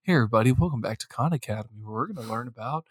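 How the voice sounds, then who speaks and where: A man voicing a male alien who presents an online math lesson in a low, rushed voice. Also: slightly rough, no room sound, lightly acted. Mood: chipper.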